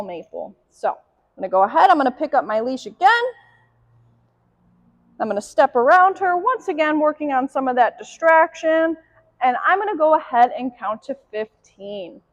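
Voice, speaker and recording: A young woman dog trainer calmly explaining leash and obedience drills during a demonstration. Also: no room sound. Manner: calm explanatory, sharp high commands to the dog. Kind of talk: instructional dog training demo.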